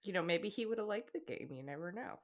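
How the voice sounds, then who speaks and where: A woman's voice: mid-range voice, lively intonation, brisk. A woman co-hosting a podcast in casual chat, playful and wry, laughing a lot. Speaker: podcast co-host.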